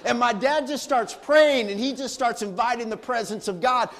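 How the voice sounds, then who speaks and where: Brief: middle-aged male pastor, high voice, lively sermon storyteller who laughs. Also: moderate pace. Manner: animated, laughing storyteller acting out quotes.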